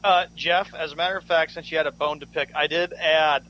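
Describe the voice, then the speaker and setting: A man's voice: a little high, fairly even intonation, a little fast, no room sound, muffled recording. A man co-hosting a sports radio show, easygoing and laughing, reading out listener messages. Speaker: radio co-host. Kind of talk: casual radio banter.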